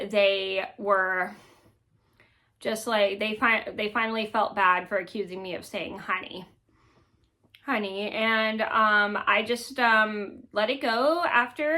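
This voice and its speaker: Woman, thirties, vlogger: slightly high, bright voice, loose rambling storytelling. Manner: rambling, many ums and restarts. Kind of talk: casual storytelling to camera.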